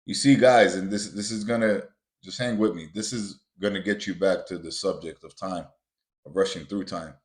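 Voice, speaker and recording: A low-voiced man hosts a podcast and tells a motivational story from his own life. He talks casually to his listeners and calls them guys. He builds to emphatic, repeated points, and the room around him echoes. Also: fairly even intonation, normal speed. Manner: builds to emphatic, repetitive punches. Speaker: podcast host. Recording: roomy echo.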